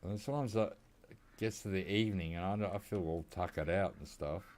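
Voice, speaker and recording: Aussie streamer guy, low voice, easygoing rambling game commentary from home. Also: brisk, a little mellow, a little hiss or hum. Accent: Australian. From Australia. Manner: laid-back, rambling, chuckling often. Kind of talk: casual gameplay commentary.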